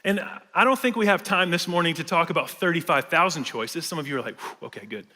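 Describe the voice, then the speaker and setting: Bright-voiced man preaching in a big church. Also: a little high, expressive, fast talker. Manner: casual, conversational preaching with fillers and humor. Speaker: pastor. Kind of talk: sermon. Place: large church hall. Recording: reverberant church sanctuary.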